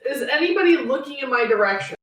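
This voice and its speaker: A woman playing in a tabletop game, brisk and matter-of-fact as she describes her moves. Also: high-pitched, animated, a bit bright, roomy sound, recorded from a distance. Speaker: player. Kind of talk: casual tabletop play.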